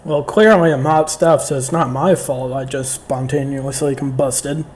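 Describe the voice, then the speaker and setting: A man's voice: mid-range voice, fairly even intonation, measured pace, darkish tone. A man playing a tabletop game who makes dry, teasing jokes in character. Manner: dry, joking. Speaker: player.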